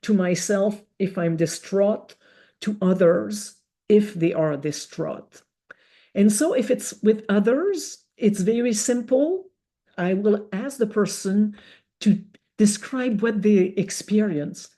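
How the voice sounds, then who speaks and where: Woman, webinar educator; slow, mellow, methodical. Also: mid-range voice. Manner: slow, measured explaining with rhetorical examples. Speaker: webinar speaker. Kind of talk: educational talk.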